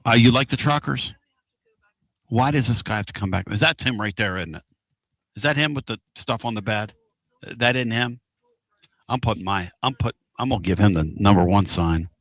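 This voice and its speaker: A man hosting a casual radio talk show from inside a moving car, excitable and rambling. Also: on the low side, moderate pace, pauses often, dry recording. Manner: excitable, rambling and loud-mouthed.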